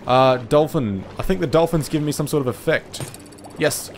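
With a fairly high pitch at normal speed, a gaming host gives excitable, panicky let's play commentary peppered with swearing. The background is noisy, with game music and water sounds behind him.

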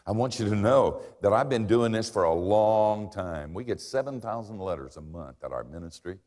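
An older man preaching a sermon in a large hall, his low voice carried by a long reverb. He swings from quiet asides to loud, lively bursts and slips in dry jokes at his own expense. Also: moderate pace. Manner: dramatic preaching with big swings in pitch and volume; wry, self-mocking humor.

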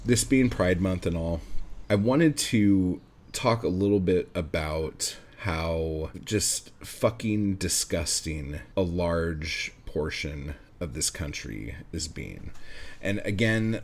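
Man, podcast host, fairly low voice, profane heated rant, sarcastic. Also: gravelly. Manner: swears constantly, heated and sarcastic. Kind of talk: profane ranting monologue.

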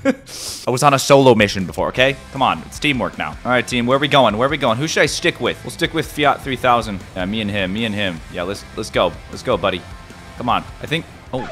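A man giving excited gameplay commentary as a gaming YouTuber, yelping and repeating himself as the action unfolds. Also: medium pitch, fast, faint music behind. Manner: excitable, yelps and repeats phrases.

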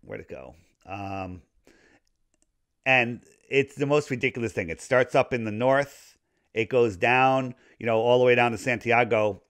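Man with a voice going hoarse. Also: medium pitch, a little slow, dry recording. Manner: rambling, animated conspiracy talk. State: losing his voice. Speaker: podcast guest. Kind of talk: casual podcast conversation.

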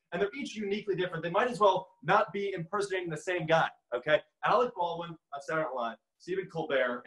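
A man's voice: a little high, a bit bright, reverberant, rough recording. A young man doing a stand-up impressions set from home, with a radio-announcer voice and dry jokes. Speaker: comedian. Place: at home, filmed by his mother.

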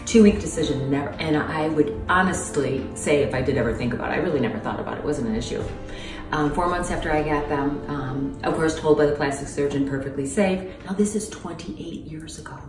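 Low-voiced woman, roomy and distant. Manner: earnest, halting, many ums. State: close to tears. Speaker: interviewee. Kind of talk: emotional personal testimony. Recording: roomy distant mic with music.

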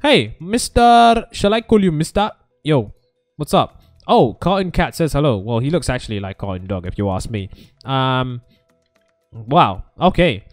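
A young man hosting a gaming video, energetic and rambling, with a jokey let's-play commentary manner. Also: medium pitch, moderate pace, no echo, soft background music.

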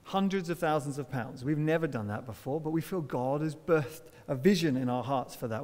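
A man's voice: fairly high pitch, animated, normal speed, hardly any pauses, darkish tone. A man preaching a sermon as pastor, laying out a vision earnestly. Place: church hall. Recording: long hall reverb.

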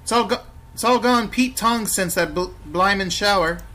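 A man voicing a lazy, corrupt London policeman who talks in loud, scornful slang. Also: high-pitched, moderate pace, faint music behind, pitched above the performer's own voice. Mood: brash.

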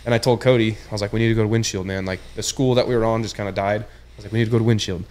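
A young man with a fairly low voice tells his story in an easygoing, laid-back chat. He keeps dropping "dude" into his sentences and acts out the lines he quotes as if he were living the moment again. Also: fairly even intonation, rapid-fire, a little mellow. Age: young adult. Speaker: podcast guest, tournament angler. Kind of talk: casual chat.

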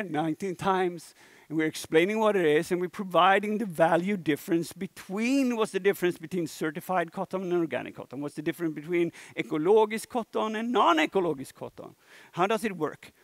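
A young Swedish man with a Swedish accent giving a casual, animated conference talk and swearing now and then. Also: sits high, no echo. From Sweden. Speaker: conference speaker. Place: conference hall stage.

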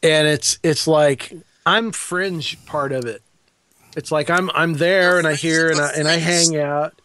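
Male preacher guest, rambling comic storyteller, slightly high, dry recording. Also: steady tone, a little slow, sharp tone, dry recording. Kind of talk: casual banter.

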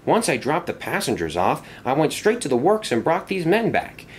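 A gentle, cheerful young engine, voiced by a man in a storybook tale. He sounds friendly and sincere, and his voice sits high and lively. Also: moderate pace, a little hiss or hum. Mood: kind. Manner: friendly and earnest. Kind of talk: storybook character voice.

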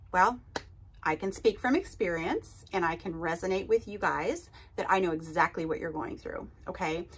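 A woman's voice: lowish voice, a bit bright, slightly rough. A woman hosting an advice podcast as a recovery coach, talking casually and emphatically and often checking in with "okay?" and "right?". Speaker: podcast host and narcissistic abuse recovery coach. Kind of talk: casual advice talk to listeners.

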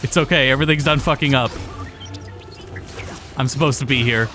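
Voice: mid-range voice, fairly quick, pushed and bright, faint music behind. A person casually chatting and joking while playing a video game, swearing freely and laughing often. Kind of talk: casual gaming chat.

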